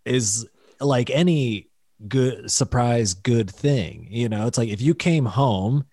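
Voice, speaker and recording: A man's voice: medium pitch, takes it slowly, mellow, no echo, clean studio sound. A man in casual podcast chat, thinking through an answer hesitantly.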